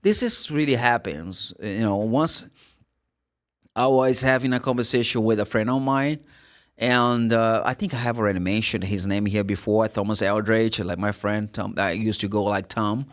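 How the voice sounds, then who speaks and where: A man with a Brazilian Portuguese accent teaching English pronunciation, repeating words slowly to model the sounds and often correcting himself. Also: lowish voice, a bit bright. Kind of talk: pronunciation lesson.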